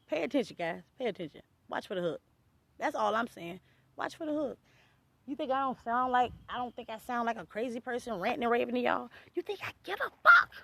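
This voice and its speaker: Loud, swearing woman vlogger, bright voice. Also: high voice, no echo. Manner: loud, animated, swearing slang, laughs often. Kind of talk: casual rant to camera.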